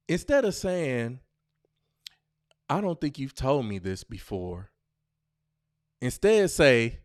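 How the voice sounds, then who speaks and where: A man hosting his own podcast speaks in at a slow, unhurried pace. His pitch swings widely as he jokes and reads lines aloud in mock voices. The sound is dry, with no room echo. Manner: loose, joking, reads lines off a screen with animated mock voices. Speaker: podcast host. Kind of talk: casual solo podcast chat.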